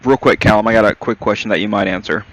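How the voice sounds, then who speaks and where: A man's voice: fairly low pitch, fairly even intonation, fast talker, fairly bright tone, dry recording, poor audio. A man from Southern California bantering crudely and casually on a hobby podcast. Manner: crude, bro-ish banter. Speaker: podcast co-host.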